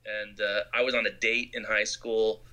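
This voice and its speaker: A man's voice: on the low side, moderate pace. A man from Arizona, a film director, telling anecdotes in an interview and acting out quotes. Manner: animated storyteller who acts out quotes.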